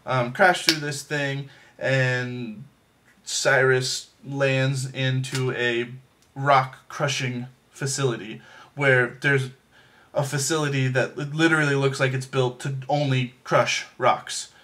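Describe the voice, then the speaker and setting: A man's voice: medium pitch, little pitch movement, takes it slowly, bright, forceful tone. Rambling, jokey man reviewing a movie. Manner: rambling, full of fillers and restarts; jokey and self-deprecating. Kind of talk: casual chat.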